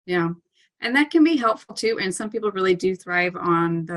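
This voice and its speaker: A woman's voice: medium pitch, lively intonation, moderate pace. A woman talking as a parkour coach in a casual interview, earnest and chatty, with frequent "um" and "like" fillers and light laughs.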